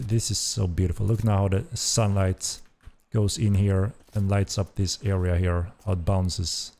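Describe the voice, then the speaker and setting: A man with a low, gravelly, warm voice hosts a game developer stream from his computer, playing the game. He gives enthusiastic live commentary and keeps repeating his praise.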